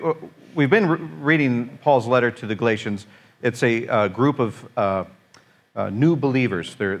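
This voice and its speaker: A pastor gives a loose, conversational sermon with a mid-range voice. He slips in dry jokes, stumbles over fillers and circles back to his point. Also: mid-range voice. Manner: informal, joking, with many fillers and restarts.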